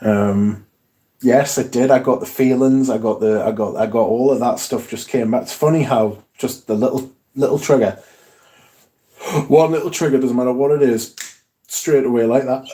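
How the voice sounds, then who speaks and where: A man's voice: medium pitch, moderate pace, mellow. A man hosting a casual livestream from home, rambling and swearing freely as he reads viewer comments aloud and answers them. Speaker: fragrance livestream host.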